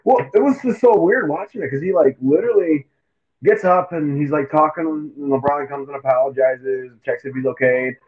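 A man co-hosting a casual sports chat, animated and acting out quotes in silly voices. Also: a little high, brisk. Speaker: podcast co-host. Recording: tinny phone-like mic.

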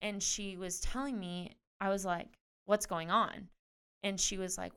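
A woman in her twenties, a pro tennis player being interviewed, chatting in a lively way with lots of "like". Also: mid-range voice, a little slow, clear, resonant tone. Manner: chatty, animated retelling with frequent "like". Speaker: guest, professional tennis player. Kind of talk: casual interview storytelling.

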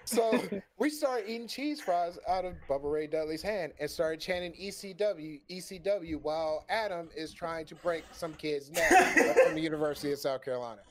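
A man's voice: on the high side, fairly quick. Profane storytelling man. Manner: profane, animated, laughs often. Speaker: storyteller on a stream. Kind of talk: casual storytelling chat.

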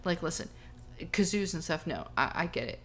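A woman co-hosting a podcast in casual chat, making wry asides and quiet complaints. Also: lowish voice, expressive, normal speed, a little hiss or hum. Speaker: podcast co-host.

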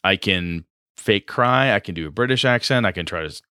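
A man's voice: lowish voice, lively intonation, brisk, bright, forceful tone, clean tone, no room sound, clean studio sound. A man co-hosting a podcast, talking casually and at length about running tabletop games, rambling and self-deprecating. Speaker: podcast co-host, game master. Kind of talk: casual chat.

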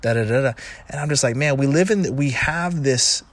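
A man's voice: medium pitch, moderate pace. A middle-aged man talking casually about relationships, rambling and restarting, and often acting out clips in quoted voices. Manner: rambling, with frequent restarts and asides; retells video clips in animated quoted voices. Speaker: commentator on relationships. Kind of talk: casual monologue.

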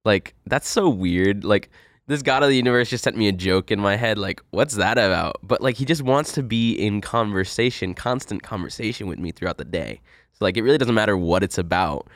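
A man co-hosting a podcast, talking in a relaxed, rambling way with many "like" fillers. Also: fairly low pitch, brisk, no room sound, clean studio sound. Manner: relaxed, rambling, heavy use of "like". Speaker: co-host. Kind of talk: casual podcast chat.

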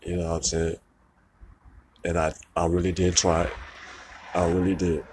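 A man's voice: low voice, monotone, normal speed, a little mellow, a little hiss or hum. A young man venting in a rambling, profane monologue, upset and close to tears, repeating himself often. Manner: rambling, profane, repeats "you know what I'm saying".

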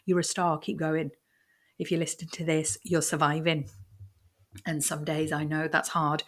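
A woman hosting her podcast alone. Her voice sits low. She rambles in a friendly, chatty way, rushing ahead and circling back with fillers and restarts. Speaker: podcast host. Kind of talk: casual solo podcast talk.

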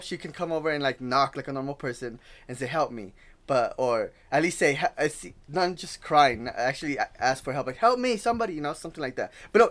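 A young man co-hosting a podcast who tells a scary story in casual slang and swears freely, getting louder and more excited as it goes on. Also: a little high. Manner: slangy, profane, grows loud and excited while telling a scary story. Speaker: podcast co-host.

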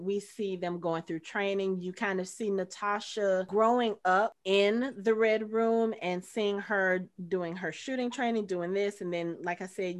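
Blunt, animated middle-aged woman podcaster. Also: medium pitch. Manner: animated, blunt, swears freely. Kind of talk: casual movie review chat.

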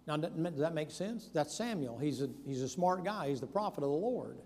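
A man's voice: a little high, animated, moderate pace, darkish tone, in a large hall, a little hiss or hum. A man preaching a sermon, telling Bible stories in a folksy way and acting out their characters in casual voices. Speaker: pastor.

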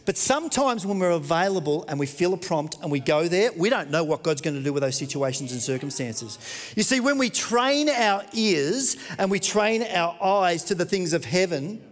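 A man's voice: sits high, expressive, moderate pace, long reverb tail. A man with an Australian accent, preaching a sermon through an earnest, conversational story.

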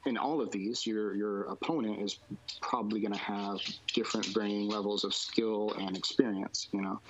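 A man with a fairly low voice answers interview questions in a loose, rambling way, restarting sentences and leaning on fillers. He sounds like a jiu-jitsu instructor explaining his teaching. The audio is a little dull and muffled. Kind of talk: casual interview talk.

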